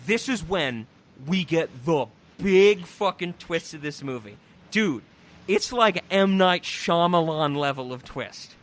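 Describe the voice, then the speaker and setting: An excitable podcast host, a man, tells a story in loose, profane, animated chat. His voice sits high for a man and leaps all over the place in pitch. He laughs and keeps the energy up. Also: takes it slowly.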